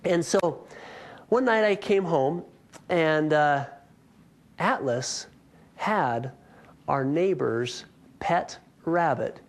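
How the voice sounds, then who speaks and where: A man's voice: a little high, lively intonation, drawn-out words, long pauses. A man in his thirties giving a health workshop talk, telling a story with self-mocking humor before moving on to teaching.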